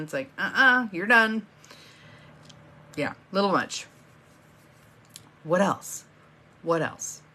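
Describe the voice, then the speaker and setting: Lower-voiced woman coaching a live morning stream. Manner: warm encouraging, chatty, greets viewers by name. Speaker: empowerment coach hosting a live morning session. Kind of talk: live-stream talk greeting viewers.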